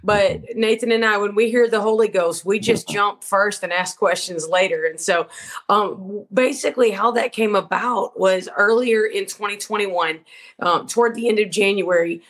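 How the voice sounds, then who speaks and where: A woman's voice: medium pitch, moderate pace, a bit bright. Woman minister, interview guest, fervent preacher-style storytelling. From Georgia, USA. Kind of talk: interview testimony.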